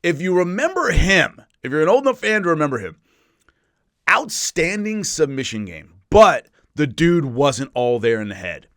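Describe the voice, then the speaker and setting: A man, an MMA analyst, talking casually through a list with animated storytelling and quick asides. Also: on the high side, no room sound, studio quality. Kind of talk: casual spoken rundown. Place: California.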